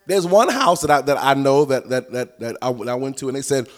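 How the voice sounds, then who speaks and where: Animated man preaching a teaching sermon. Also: mid-range voice, brisk. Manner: animated, punchy repetition, rises to shouts and sung phrases; folksy colloquial delivery. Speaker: prophetic ministry teacher.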